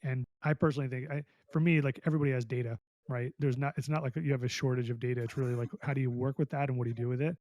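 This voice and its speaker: A man's voice: mid-range voice, steady tone, very fast, hardly any pauses, a little mellow, no echo. Upbeat male podcast host, dry sound. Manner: enthusiastic, conversational with fillers. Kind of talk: casual interview chat.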